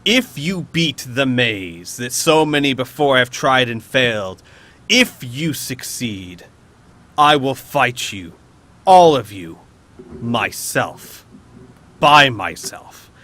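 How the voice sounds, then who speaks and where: A man voicing a proud, menacing male beholder who rules an arena maze, speaking slowly and imperiously. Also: medium pitch, expressive, bright, forceful tone. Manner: slow, imperious, commanding delivery.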